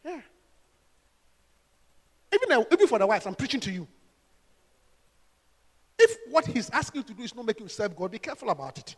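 A male pastor delivers a lively sermon in an unusually high, bright voice, acting out little scenes as he goes. His pitch swings widely as he talks. The sound rings out with a long hall echo. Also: fairly quick, pauses often. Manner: animated, acts out scenes in character voices.

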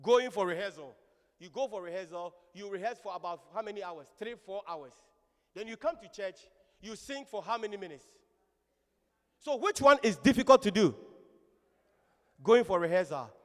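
A man preaching a sermon to a congregation in an animated, exclamatory manner, often calling out hallelujah. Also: sits high. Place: large church hall. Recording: long hall reverb.

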